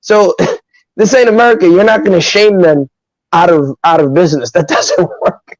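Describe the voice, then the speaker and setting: A man from Nigeria, a guest on a podcast livestream, telling stories in an animated, emphatic way with lots of asides. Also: sits high, moderate pace, no room sound, rough recording. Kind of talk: casual podcast chat.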